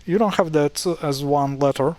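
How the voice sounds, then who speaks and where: Wry man explaining pronunciation, slightly high voice. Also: moderate pace, a little mellow, no room sound. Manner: wry, mildly exasperated, many fillers and restarts. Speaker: language explainer. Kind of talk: casual screen-share tutorial.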